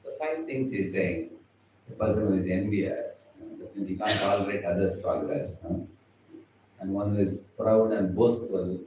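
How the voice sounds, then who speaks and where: A man's voice: on the low side, moderate pace, darkish tone, slight background noise. A man with an Indian English accent giving a chatty devotional class, laughing often and acting out the people he quotes. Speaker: spiritual teacher. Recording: echoey hall, far from the mic.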